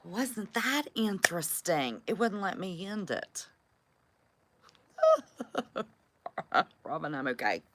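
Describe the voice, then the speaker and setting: A woman's voice: low voice, a bit bright. A woman hosting a casual live chat and greeting viewers by name in a chatty, folksy way, recorded on a phone on a stand. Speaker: livestream host greeting viewers.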